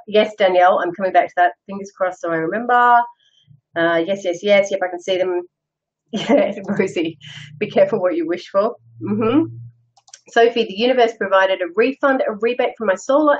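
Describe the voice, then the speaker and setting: A woman's voice: medium pitch, fairly quick. Woman, middle-aged, host, casual live chat, candid, self-deprecating, laughs often, dull lo-fi sound. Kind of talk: casual live chat, answering viewer comments.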